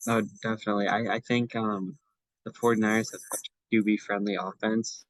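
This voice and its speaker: A young man co-hosts a casual sports podcast, his voice low-ish and his tone level as he talks at normal speed. He's chatty, full of fillers and restarts, and the recording is dry and rough.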